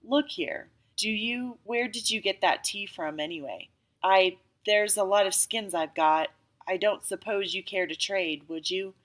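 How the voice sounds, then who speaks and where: A woman doing a curt, surly Englishman living rough. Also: medium pitch, unhurried, fairly bright tone, close to an everyday voice. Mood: wheedling.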